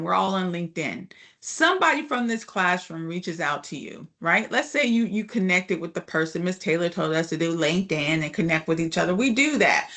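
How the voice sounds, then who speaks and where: A woman's voice: fairly low pitch, a bit bright. A woman instructor giving a casual online class lecture, chatty and often asking the class "right?" and "you know".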